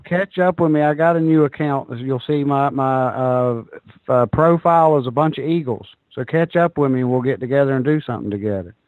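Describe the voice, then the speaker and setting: A man's voice: medium pitch, dry recording. A man hosting a call-in talk show, easygoing and friendly with his callers. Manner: friendly, easygoing, quick affirmations. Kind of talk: casual call-in show chat. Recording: tinny phone-like line.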